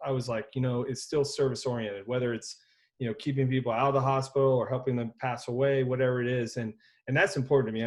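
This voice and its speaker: A man's voice: mid-range voice, darkish tone. A man who owns a health business, speaking earnestly in a casual conversation and sometimes searching for words. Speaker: business owner.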